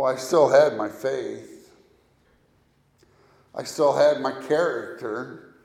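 A pastor preaches a sermon in an echoey room, his medium-pitched voice creaky and darkish in tone. He speaks deliberately, leading listeners through recited scripture.

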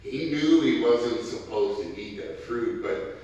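A man's voice: mid-range voice, a little slow, a little mellow. A man preaching a sermon, with emphatic, repetitive phrasing that builds in force. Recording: echoey hall from far off.

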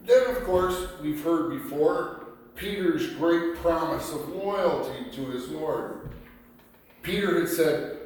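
A man preaching a sermon, reading scripture passages aloud and explaining them in a slow, deliberate way. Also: a little high, a little mellow, slight background noise. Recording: echoey room picked up from a distance.

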